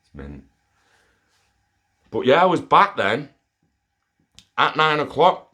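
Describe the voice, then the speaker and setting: A man's voice: a little high, slow. A young man telling a rambling personal story in a casual monologue, swearing often. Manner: profane, rambling and excitable. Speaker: storyteller sharing an experience.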